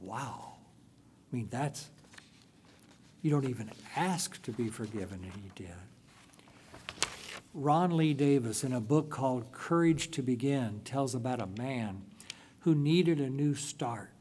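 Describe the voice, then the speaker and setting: A male pastor delivers a sermon at a slow, unhurried pace. He tells the story in a deliberate way, stretching out key phrases. His voice sits at a middling pitch for a man. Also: dark tone, a little hiss or hum.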